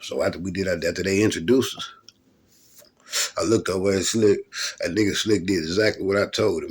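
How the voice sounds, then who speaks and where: A man's voice: low-pitched, fairly quick, husky. A middle-aged man from Louisville, a rapper, telling rambling, profane stories about his hip hop days in a laid-back, casual monologue. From Louisville, Kentucky.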